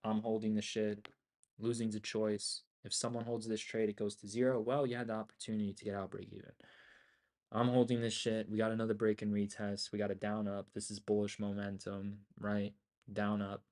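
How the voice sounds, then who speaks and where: A young man livestreams his trades, venting at his viewers in a heated, profane rant. His voice sits at an ordinary middle pitch, and he speaks into a desk mic at his streaming setup. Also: brisk, a little mellow. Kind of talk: profane ranting commentary on a trading livestream.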